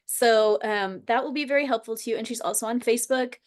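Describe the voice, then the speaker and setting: Chatty earnest woman, slightly high voice. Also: fairly quick. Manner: earnest, rambling, heavy use of "like". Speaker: host. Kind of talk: casual storytelling chat.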